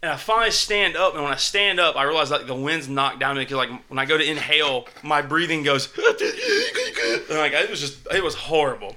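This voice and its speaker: A man telling a fall story to friends in casual chat, animated, swearing often and saying "like" a lot. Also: a little high, a little fast, few pauses. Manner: animated, swearing, heavy use of "like".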